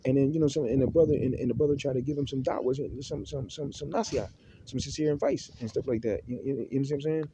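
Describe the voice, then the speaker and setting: A man talks quickly in a very dark, heavy voice. He gives unscripted religious advice, and his speech is halting, full of repeated words and fresh starts. Faint noise sits underneath his voice. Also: mid-range voice, fairly even intonation. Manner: halting, with many restarts, repeated words and Arabic terms. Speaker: Muslim speaker giving religious advice.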